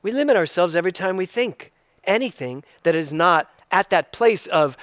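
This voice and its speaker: A male minister delivers a sermon in a fairly high voice, reflective and unhurried. He circles back to key phrases again and again for emphasis. The sound is dry and close, with no room echo. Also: expressive.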